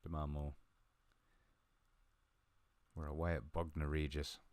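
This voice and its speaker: A man talking through a football management game he is playing, chatty and a little mumbling, with sudden bursts of excitement. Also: extremely low pitch, takes it slowly, no room sound. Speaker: gaming video host. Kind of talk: live game commentary.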